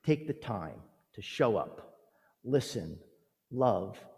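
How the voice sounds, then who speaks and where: A man preaching a sermon as a pastor, gentle and earnest, telling stories and leading prayer. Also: lowish voice, sing-song, slow pace, creaky. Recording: long hall reverb.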